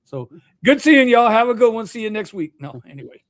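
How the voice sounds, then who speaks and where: A man's voice: sits high, sing-song, brisk, fairly bright tone. A man hosting a casual livestream chat, loose and jokey, throwing in "bro" and laughing often. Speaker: host.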